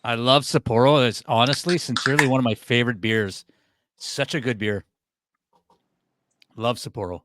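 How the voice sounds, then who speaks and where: A man's voice: medium pitch, normal speed, long pauses, fairly bright tone. A man hosting a comedy podcast, teasing his co-hosts and steering them through the segments. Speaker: podcast host. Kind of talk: casual chat.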